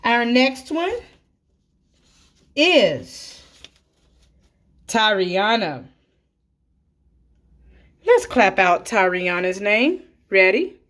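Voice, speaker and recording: A woman teacher speaking slowly and clearly to young children, clapping out names and counting along with them. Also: medium pitch, very animated, a bit bright.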